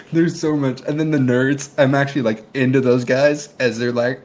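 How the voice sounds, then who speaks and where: A man's voice: medium pitch, a little slow. A man co-hosting a casual movie review podcast, retelling scenes with lots of laughter. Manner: animated, laughs often while retelling scenes. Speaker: podcast co-host.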